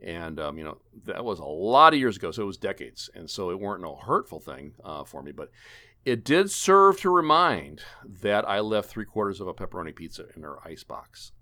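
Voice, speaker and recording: Lively low-voiced man hosting a podcast. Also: fast talker, hardly any pauses. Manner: rambling, jokey, many fillers and restarts. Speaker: podcast host. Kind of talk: casual gaming podcast chat, wrapping up the show.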